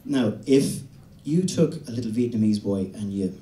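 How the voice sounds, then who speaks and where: A young man from the west of Ireland with an Irish accent, doing a stand-up set in a halting, deadpan way with many restarts. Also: lowish voice. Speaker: stand-up comedian. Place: comedy venue stage. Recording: roomy venue recording from a distance.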